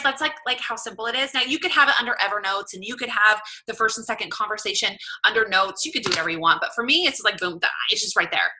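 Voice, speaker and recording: Bright, high-voiced Southern woman in her thirties; gushing, chatty fitness coach talking to her team. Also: slight background noise, low-quality recording. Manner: gushing, chatty, lots of "oh my gosh" and "like". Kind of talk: casual coaching talk to team.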